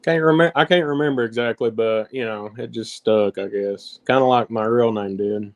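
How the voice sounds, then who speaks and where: A man chatting as a guest co-host, making deadpan jokes. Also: mid-range voice, normal speed. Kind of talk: casual livestream chat.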